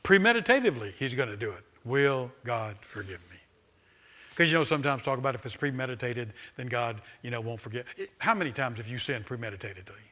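A man's voice: medium pitch, animated, quick pace, bright, forceful tone. A male pastor preaching a sermon. He moves between reading passages aloud from a book and talking informally to the congregation, asking them questions and having them repeat a line back. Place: church sanctuary with a live congregation.

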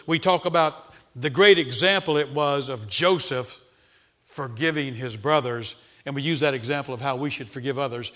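A man's voice: on the high side, pushed and bright. A man preaching a sermon, reading and explaining a passage, often repeating words as he starts a thought. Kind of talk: expository sermon.

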